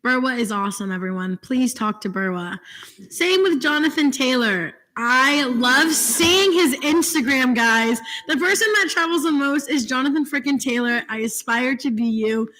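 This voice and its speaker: A young woman student senator giving quick, enthusiastic, affectionate shout-outs at a meeting. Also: high voice. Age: young adult. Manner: warm, enthusiastic, gushing.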